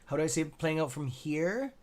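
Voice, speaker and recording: A young man hosting a live trading stream, reading chat and reacting with excitable, profane commentary and muttered asides. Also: fairly high pitch, brisk. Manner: excitable, profane, talks to viewers by nickname; mutters asides to himself under his breath. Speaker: stock trading livestream host.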